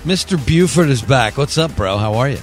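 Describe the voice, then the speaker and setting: A man hosts a live talk show from a studio, hyping the night in a sing-song, swearing delivery. His pitch swings widely from line to line, and faint music sits under his voice. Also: lively intonation, brisk. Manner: loud, profane, sing-song hype delivery. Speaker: podcast host. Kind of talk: casual live show banter.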